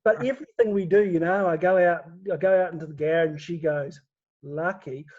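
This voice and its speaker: A man with a high voice talks casually as an interview guest, laughing often and tripping over his words as he goes. The sound is dull and lo-fi, like a video call. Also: fast talker, a little mellow. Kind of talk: casual chat.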